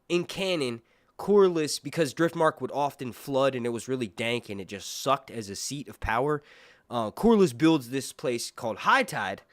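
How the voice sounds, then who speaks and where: Animated, nasal man breaking down a trailer. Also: medium pitch, dry recording, clean studio sound. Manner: rambling, animated, with many fillers and asides. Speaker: host. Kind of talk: casual trailer breakdown commentary. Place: seated indoors.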